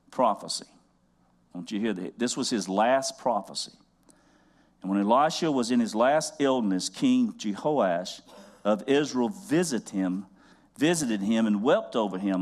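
A man preaching a sermon, using rhythmic repetition and asking the congregation questions, building to loud fervent exhortation. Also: medium pitch.

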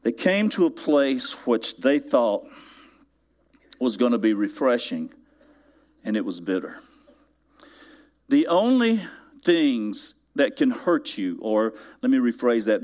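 A man preaching a sermon in church, telling a story with mounting emphasis and asking his congregation rhetorical questions. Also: mid-range voice. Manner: animated storytelling, builds to loud emphatic peaks. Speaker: pastor.

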